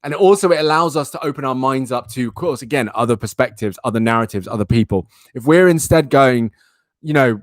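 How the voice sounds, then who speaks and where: A man's voice: medium pitch, fast talker, dry recording, studio quality. A young man hosting a live stream, chatting animatedly with his viewers. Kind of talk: casual live-stream chat.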